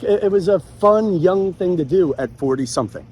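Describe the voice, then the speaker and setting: A man's voice: on the high side, moderate pace, husky. Forty-something guy vlogging on a beach walk, phone mic, goofy rambly jokes, voice all over the place. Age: 40s. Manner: animated, joking, rambling asides. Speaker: podcast host. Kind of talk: walking vlog monologue. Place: outdoors at a beach.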